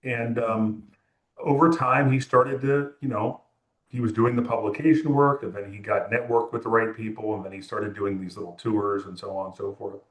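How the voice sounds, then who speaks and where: Speaking as an interview guest, this California music photographer relaxes into rambling stories, acting out what people said. His voice is lowish and fairly bright with a steady tone at normal speed, and the room echoes noticeably.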